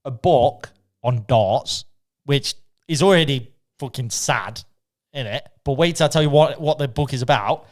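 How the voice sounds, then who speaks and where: A man's voice: mid-range voice, normal speed. A man co-hosting a podcast, telling stories in casual chat and acting out what people said, laughing often. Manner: animated storyteller, acts out quoted lines, laughs often. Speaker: podcast co-host.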